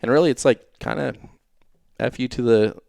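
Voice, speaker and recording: A man's voice: mid-range voice, moderate pace, gravelly, a little mellow, clean tone, no echo. A middle-aged man, a guest on a podcast, chatting casually in a laid-back way, laughing easily and trailing off with fillers. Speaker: podcast guest, off-road racer and team owner. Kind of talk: casual chat.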